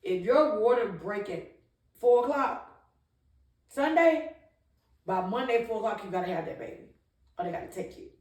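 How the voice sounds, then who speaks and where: A woman's voice: medium pitch, lively intonation, moderate pace, long pauses, a little mellow. Woman, vlogger, candid storytelling, emphatic, chatty, echoey room, slightly distant mic. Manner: emphatic, conversational, with frequent restarts and laughs. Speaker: vlogger telling her birth story.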